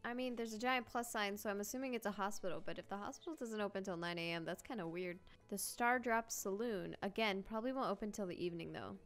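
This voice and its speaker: Young woman, gaming host, chatty and excitable, mid-pitched, reads on-screen text aloud. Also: fast talker, hardly any pauses, soft background music. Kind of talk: casual let's-play commentary.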